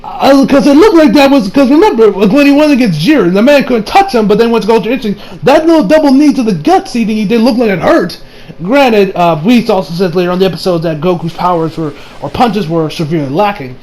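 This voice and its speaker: A young man casually reviewing an anime episode, excitable and profane, laughing often. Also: high-pitched, quick pace.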